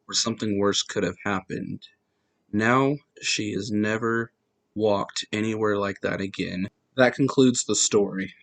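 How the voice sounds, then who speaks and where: Brief: male podcast host, dry close sound, steady storytelling read. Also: on the low side, no echo, rough recording. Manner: plain, steady first-person telling. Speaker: podcast host reading accounts. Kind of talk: reading true-story accounts.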